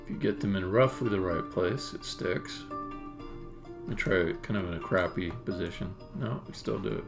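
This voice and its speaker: Man, low and gravelly, casual stream chatter, thinking out loud at the desk. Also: normal speed, music in the background. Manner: musing, thinking aloud. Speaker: game developer streaming. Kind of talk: casual live-stream commentary.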